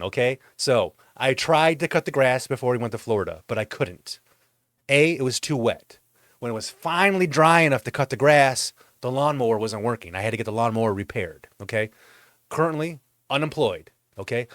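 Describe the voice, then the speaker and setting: A man hosting his own vlog, telling a comedic monologue at home in a profane, exasperated rant with animated swings in his delivery. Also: mid-range voice, dry recording, clean studio sound. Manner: profane ranting. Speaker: vlog host.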